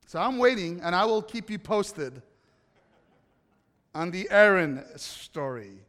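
High-voiced pastor in a reverberant hall. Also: male voice, sing-song, slow pace, a bit bright. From Italy. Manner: chatty, repeats words when restarting. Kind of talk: conversational sermon storytelling.

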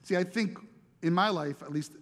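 A middle-aged male pastor preaches in a loose, chatty way, doubling back on words as he tells his story. His voice sits high for a man. It rings out with the long reverb of a large hall. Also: moderate pace, a bit bright. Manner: conversational, repeats words while searching for them, laughs at himself. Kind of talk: storytelling sermon.

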